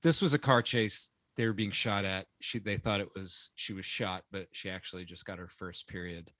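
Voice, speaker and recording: A man's voice: deep voice, fairly even intonation, normal speed, bright, forceful tone, no room sound. A man co-hosting a casual movie review podcast, chatty, laughing easily and restarting his sentences. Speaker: podcast co-host.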